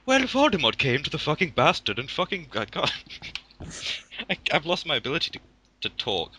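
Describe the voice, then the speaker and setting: A man's voice: fairly high pitch, wildly swooping pitch, moderate pace, pushed and bright, a little hiss or hum. A young man reading a fan fiction aloud to friends, stumbling over the text and laughing at it. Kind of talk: casual comic read-aloud.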